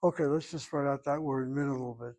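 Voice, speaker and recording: A man's voice: medium pitch, steady tone, fast, dark tone, slight background noise, rough recording. An older man teaching a Hebrew class, explaining grammar patiently and repeating his points. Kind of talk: online class lecture.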